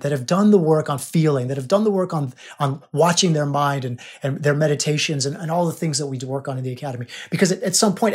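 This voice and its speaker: A man's voice: on the high side, darkish tone, husky. A man hosting a podcast as a coach, teaching in an emphatic, repetitive way. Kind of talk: spiritual coaching monologue.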